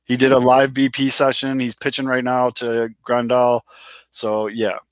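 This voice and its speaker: A man's voice: medium pitch, monotone, a little slow, no echo. A man co-hosting a casual sports talk show, chatting loosely with restarts and the odd swear word. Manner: conversational, rambling with restarts and swearing. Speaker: podcast co-host.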